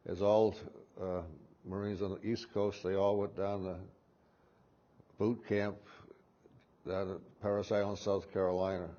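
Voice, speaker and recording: A man in his eighties with a Massachusetts accent, recalling his memories in an interview and rambling with halting restarts. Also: sits low, little pitch movement, mellow, highs cut off. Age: 80s. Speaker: war veteran interviewee.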